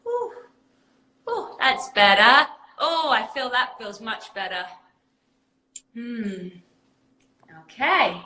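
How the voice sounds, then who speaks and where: A bright-voiced English woman hosts a casual livestream chat over a video call. She is bubbly and giggly and keeps saying "like" and "literally". The sound is roomy with a clear echo. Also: a little high, very animated, takes it slowly, pauses often. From England. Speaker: host.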